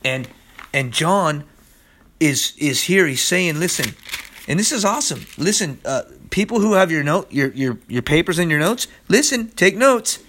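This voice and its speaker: A man's voice: a little high, very animated, normal speed, fairly bright tone. A man preaching a podcast sermon, urgent and pleading, who keeps repeating "listen" to his listeners. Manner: impassioned, pleading.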